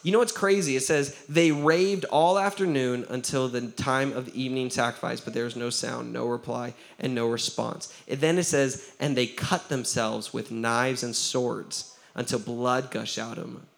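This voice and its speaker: A man, a pastor giving a lively sermon, acting out the quotes he tells and laughing often. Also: medium pitch, normal speed, creaky, hardly any pauses.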